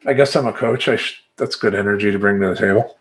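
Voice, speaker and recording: A man talking as a life coach in a motivational monologue, emphatic and animated, chanting affirmations in rhythmic repetition. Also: lowish voice, fast talker.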